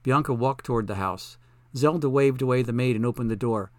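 A man narrating an audiobook in a measured, plain reading style. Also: mid-range voice, no echo. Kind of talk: scripted narration.

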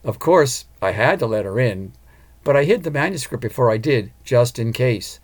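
A man's voice: medium pitch, expressive, moderate pace, natural voice. A man voicing an earnest, determined woman opera singer and mother in an audiobook. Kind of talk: audiobook character voice.

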